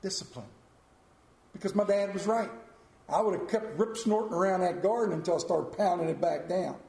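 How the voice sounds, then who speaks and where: High-voiced guy in his 50s preaching, folksy storyteller, echoey room. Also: moderate pace, vocal fry, a little mellow. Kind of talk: sermon with personal story.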